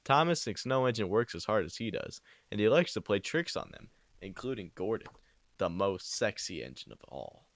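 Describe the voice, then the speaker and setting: Brief: young male narrator, deadpan, rambling, crude improv, home mic. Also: lowish voice, moderate pace, dry recording. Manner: rambling, deadpan, swearing, ad-libbed. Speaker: amateur parody narrator. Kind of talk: improvised crude mock storytelling. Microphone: new home microphone.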